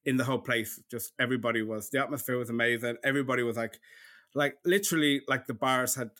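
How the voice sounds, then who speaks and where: An Irish man with a slight lisp, chatting loosely on a podcast. His voice is bright and forward, mid-pitched, and he rushes and mumbles through his stories with easy laughter. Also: fairly even intonation. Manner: fast, mumbling, laughs often. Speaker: podcast co-host. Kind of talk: casual chat.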